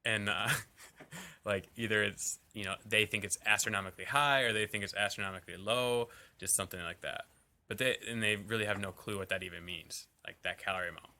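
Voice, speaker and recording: A man's voice: on the low side, steady tone, brisk, sharp tone. A man on a fitness podcast, talking casually about coaching clients, with lots of "like" and "you know" fillers. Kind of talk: casual chat.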